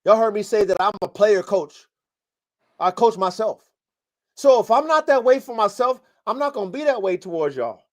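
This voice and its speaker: A man's voice: high-pitched, expressive, normal speed. A man hosting a live podcast, coaching dog breeders in a blunt, profane, fired-up way. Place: home studio, live stream.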